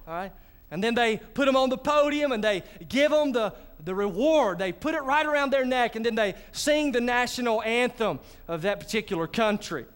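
A man's voice: very high voice, lively intonation, normal speed, a bit bright, clean tone. A male pastor, preaching a sermon in a church and talking directly to his congregation. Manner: conversational preaching with asides to the congregation. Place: church sanctuary.

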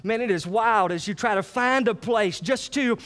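A man preaches in a high, bright-pitched voice. He is animated and folksy, often stopping to check that the congregation is with him. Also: normal speed. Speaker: pastor. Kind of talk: sermon.

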